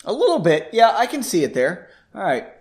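A man's voice: high voice, wildly swooping pitch, fairly quick, a little mellow. Chatty man reading a story aloud. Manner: chatty and self-deprecating. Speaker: podcast host reading a novel aloud. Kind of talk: casual story reading with asides.

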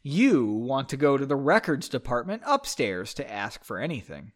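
A man voicing a kindly older male mage who scolds gently, in a mock-dramatic reading. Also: mid-range voice, very animated, normal speed, natural voice.

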